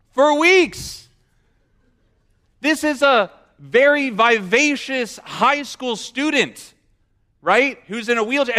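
A man preaching a sermon, telling the story with humor and acting out the quotes. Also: high-pitched. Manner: animated storyteller, acts out quotes. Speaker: pastor.

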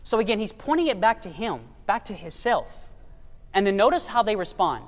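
Brief: male preacher, very high voice, emphatic, quizzes the congregation, long hall reverb. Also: very animated, normal speed. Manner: emphatic, rhetorical questions to the congregation. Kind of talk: sermon.

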